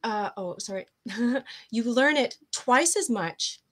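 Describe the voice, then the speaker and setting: A woman's voice: fairly high pitch, lively intonation, takes it slowly. A woman guest coach explaining ideas in a casual interview, tripping over her words and laughing at herself.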